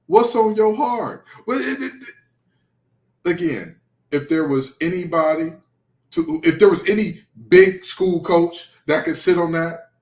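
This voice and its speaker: A male sports podcast co-host on a heated rant, sarcastic and animated. His voice sits slightly high, and it carries a noticeable room echo. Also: unhurried.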